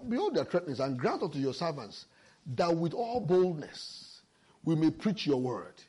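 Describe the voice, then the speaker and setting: Male preacher, husky and animated, emphatic scripture exposition. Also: on the high side, unhurried. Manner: lively, emphatic Bible exposition with personal stories. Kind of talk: sermon.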